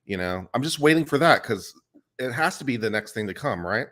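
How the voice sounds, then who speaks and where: A man's voice: medium pitch, animated, brisk, fairly bright tone. A man chatting as a guest on a live panel in an easygoing, wry way. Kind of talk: casual chat.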